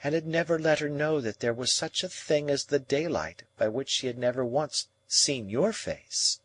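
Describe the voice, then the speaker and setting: A man voicing a proud young woman who speaks in a calm, measured, reproachful way in an audiobook. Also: medium pitch, pitched above the performer's own voice. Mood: cool.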